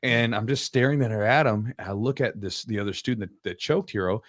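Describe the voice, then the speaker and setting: Guy on a podcast telling gym stories, kinda low voice, dry close mic, gets animated. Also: dry recording. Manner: animated storyteller, quick, acts out quotes. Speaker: podcast host, jiu-jitsu coach. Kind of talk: casual storytelling chat.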